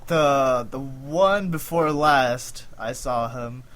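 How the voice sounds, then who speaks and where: A young man in a loose podcast conversation, with a middle-pitched everyday voice. He tells his anecdotes in a relaxed way, chuckling as he quotes himself. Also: slow. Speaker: podcast co-host. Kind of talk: casual chat.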